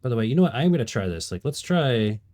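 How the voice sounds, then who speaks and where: A man's voice: mid-range voice, very animated, quick pace, darkish tone. A young man streaming a game, joking around casually and trying out silly animal noises. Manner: goofy, jokey, does animal noises. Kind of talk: casual gameplay commentary.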